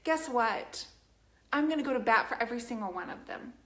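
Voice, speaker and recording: An earnest woman hosts a live painting stream and talks straight to her viewers with emphasis. Her voice sits fairly high. The room around her has a noticeable echo. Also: animated, brisk. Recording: roomy echo.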